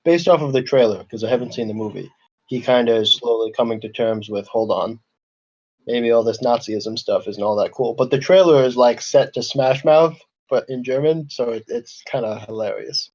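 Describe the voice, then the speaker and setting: A man's voice: mid-range voice, normal speed, a little mellow, highs cut off. A man explaining something to friends in casual chat, hesitant and full of filler words.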